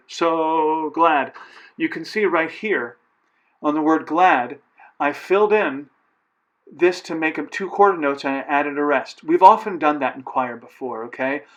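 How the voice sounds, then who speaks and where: A man's voice: a little high, fairly bright tone, highs cut off. A man directing a choir, explaining phrasing and dynamics step by step, counting beats aloud and singing short examples. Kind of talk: recorded choir instruction.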